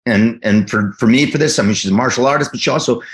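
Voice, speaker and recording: Man, 50s, guest actor, animated storyteller, rambling restarts, average pitch. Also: fast. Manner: animated storytelling, acts out quotes. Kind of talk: casual interview chat.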